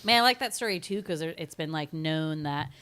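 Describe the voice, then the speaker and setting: A woman's voice: low-pitched, lively intonation, brisk, pushed and bright, smooth, no room sound. Self-deprecating woman podcast co-host. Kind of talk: casual chat about a film.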